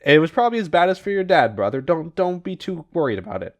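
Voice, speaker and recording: A man reading out a chatty male fire ant from a comic book, reassuring someone in a quick, breezy way. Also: on the high side, sing-song.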